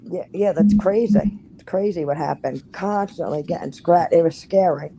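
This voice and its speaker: A woman in casual conversation, telling a haunting story in an animated, profane way and acting out what people said. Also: fairly low pitch, normal speed, vocal fry, noisy background. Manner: animated, profane, acts out quoted lines. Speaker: guest.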